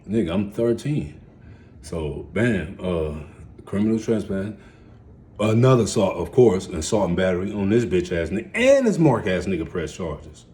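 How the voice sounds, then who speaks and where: Low-voiced man telling his street story. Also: moderate pace. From United States. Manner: rambling, street slang, repeats words, swings from low mumbles to loud excited bursts. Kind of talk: casual storytelling monologue.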